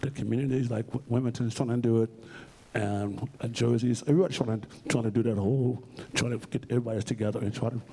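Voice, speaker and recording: A man's voice: mid-range voice, steady tone, fast talker, vocal fry, warm tone, breathy edge. A man being interviewed on stage at a library event, speaking bluntly and emphatically and swearing freely. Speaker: interview guest.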